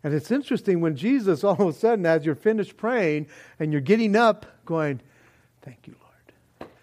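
A man preaching a sermon in a joking, animated way, acting out little prayers and voices as he goes. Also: sits high, fairly quick. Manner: animated, jokey, acts out quoted prayers and voices. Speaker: pastor.

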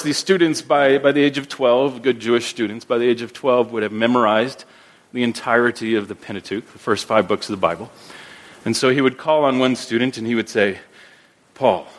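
A man with a mid-range, fairly bright voice preaches an earnest sermon as pastor. He often repeats words as he builds his points and slows down when quoting scripture.

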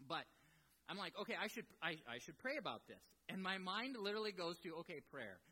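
Guy preaching, kinda high voice, jokes at his own expense, echoey hall. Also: fairly quick, slight background noise. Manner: animated storytelling, self-deprecating asides. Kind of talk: sermon with personal story. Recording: long hall reverb.

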